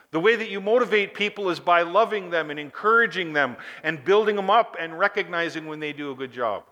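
High bright-voiced preacher in a reverberant hall. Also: male voice. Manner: emphatic, rhetorical questions, swings from loud to hushed. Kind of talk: sermon.

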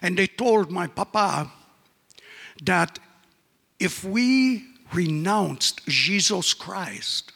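Man playing a sweet, curious young girl, earnest and open, a husky tone. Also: high voice, animated, very slow, bright, forceful tone, big-room sound, full character voice. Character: cheerful young girl of twelve, bright-eyed and friendly.

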